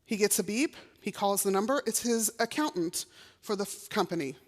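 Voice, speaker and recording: A woman's voice: mid-range voice, animated, normal speed. A middle-aged woman from Texas, giving a personal testimony in a chapel and acting out the voices she quotes. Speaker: chapel speaker. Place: college chapel. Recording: long reverb of a chapel hall.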